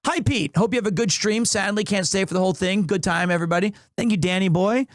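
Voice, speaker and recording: A male streamer with a high, light voice tells an animated story and drops Japanese phrases into casual banter with his chat. The sound is dry and close, with no room echo around him. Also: quick pace.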